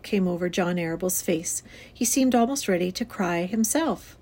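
A woman teacher reading a children's novel aloud to her class in a clear, expressive storytelling voice. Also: on the low side, moderate pace. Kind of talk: read-aloud children's book.

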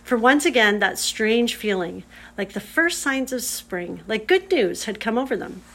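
A woman reading a children's storybook aloud in a measured, clear manner. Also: fairly high pitch, animated, fairly bright tone. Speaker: audiobook reader. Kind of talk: storybook narration.

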